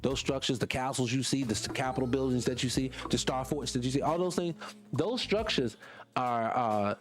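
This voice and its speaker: A man's voice: mid-range voice, moderate pace. A man, hosting a casual morning livestream, rambling and impassioned, answering chat comments and losing his train of thought. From small town in North Carolina. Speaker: morning show host.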